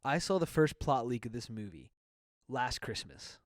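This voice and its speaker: A young man co-hosting a podcast, telling a story in an excited, laughing, casual way. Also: medium pitch, moderate pace, no room sound, studio quality. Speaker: podcast co-host. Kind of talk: casual chat. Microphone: podcast microphone with windscreen.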